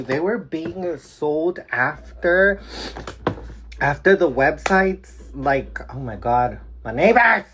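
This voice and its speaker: A young woman in a casual vlog, excitedly gushing over dolls and swearing freely. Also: fairly low pitch. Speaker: doll collector vlogger. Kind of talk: casual unboxing chat.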